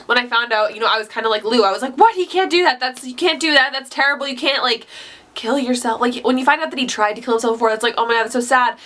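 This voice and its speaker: A woman's voice: medium pitch, fairly bright tone. A young woman talking casually about a book she loved, chatty and gushing, with lots of "like.". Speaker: book vlogger. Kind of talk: casual book review talk.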